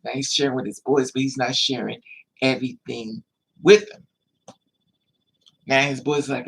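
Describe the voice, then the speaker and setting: A man telling a story in an animated vlog monologue, acting out other people's lines with emphatic repetition. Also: medium pitch, moderate pace, vocal fry, long pauses, husky. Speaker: vlogger.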